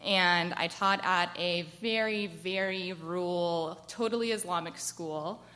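An American woman in her twenties telling a personal story to a live audience, chatty and animated, with lots of "like" fillers. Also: fairly low pitch, slow. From United States. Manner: chatty and animated, frequent "like" fillers, laughs as she tells it. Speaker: storyteller at a work event.

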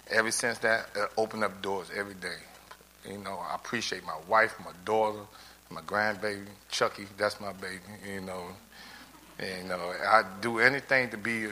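A man's voice: on the low side, sharp tone. A middle-aged man giving an earnest, tearful testimonial, rambling with many restarts. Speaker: adult learner giving a testimonial. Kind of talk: heartfelt personal testimony speech.

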